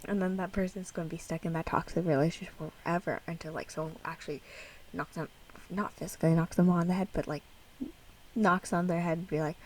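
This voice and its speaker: Giggly young woman, husky and off-mic. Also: fairly low pitch, steady tone, fast, distant mic, rough recording. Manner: chatty, giggly, rambling with many fillers. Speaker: reaction video host. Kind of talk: casual music video reaction.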